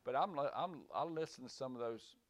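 In a small room, a man teaches the Bible to a few listeners, circling and repeating himself, then building to forceful points. His mid-range voice runs a little fast, and there's no echo.

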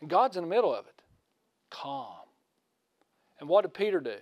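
A man giving a conversational sermon in a folksy way, asking his listeners questions and swinging from loud to hushed. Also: a little high, very animated, normal speed, no echo. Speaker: preacher.

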